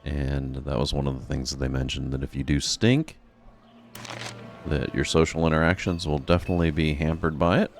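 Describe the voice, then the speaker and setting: A man's voice: rumbling low, flat delivery, normal speed, soft background music. A man streaming a role-playing game, commenting casually with wry asides.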